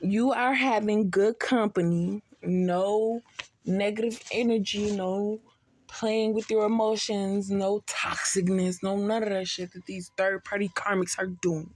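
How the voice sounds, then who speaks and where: A woman's voice: mid-range voice, fairly even intonation, unhurried, a little hiss or hum. Woman, tipsy, casual spiritual reading, blunt, cussing, slangy. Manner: blunt, profane, streetwise slang. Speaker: tarot reader.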